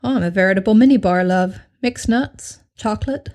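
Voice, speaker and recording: A woman's voice: medium pitch, a little fast, a little mellow, lightly acted. A woman reading aloud and voicing a playful English man who teases his partner with drawling banter. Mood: teasing. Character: teasing, cheerful English man, flirty.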